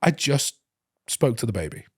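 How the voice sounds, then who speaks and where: Husky man telling a story. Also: medium pitch, moderate pace, dry recording, clean studio sound. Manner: animated, acts out quoted speech. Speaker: podcast host. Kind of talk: casual emotional storytelling.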